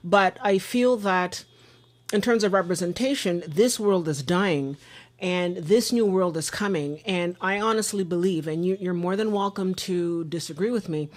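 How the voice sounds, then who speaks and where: A woman's voice: on the low side, moderate pace. A woman hosting a podcast discussion, talking in an earnest, rambling way and often repeating her words as she gets emotional. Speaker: podcast host.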